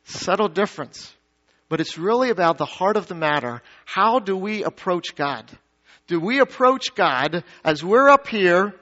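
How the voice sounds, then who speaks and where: A man preaches a sermon in a church, his voice set high for a man. He throws questions out to the congregation and swings between emphatic peaks and hushed low asides. The recording sounds dull and lo-fi. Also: animated, a little slow. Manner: dynamic preaching, rising to emphatic peaks then dropping low. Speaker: pastor. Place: church sanctuary.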